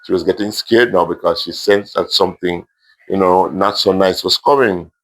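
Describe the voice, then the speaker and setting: A Jamaican man gently reading his own emotional story aloud to a primary school class, adding asides. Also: sits low, fairly even intonation, normal speed.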